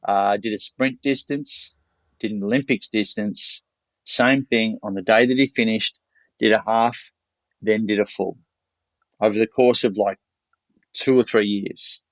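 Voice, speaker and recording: A man's voice: fairly low pitch, fairly even intonation, a little slow, long pauses, dry recording. An Australian man, a podcast guest, telling a story in a blunt, salty, loose way. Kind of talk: casual storytelling. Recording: dull lo-fi dry recording.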